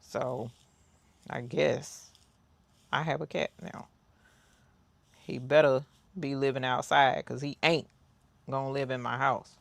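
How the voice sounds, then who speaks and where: This woman's voice is extremely low and gravelly, with a steady tone, a slow pace, and long pauses, recorded with no room sound. Hosting a crafting livestream, she chats casually with viewers, tells stories, and reads their comments aloud.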